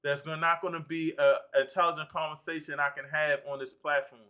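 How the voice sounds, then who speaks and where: Emphatic, bright-voiced male host. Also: on the high side, level tone, fairly quick, clean tone. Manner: emotional, emphatic, repeats himself. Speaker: livestream host. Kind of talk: heated live panel discussion.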